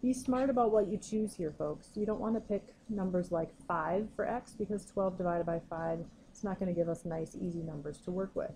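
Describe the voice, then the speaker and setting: Woman math teacher, patient explainer, mellow tone, faint hiss behind. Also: fairly low pitch, normal speed, hardly any pauses, poor audio. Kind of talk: recorded classroom lesson.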